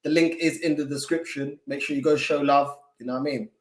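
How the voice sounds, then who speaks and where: A man co-hosting a live football watchalong, chatting in excitable, slangy banter. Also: a little high, a little fast, reverberant. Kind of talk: casual live match chat.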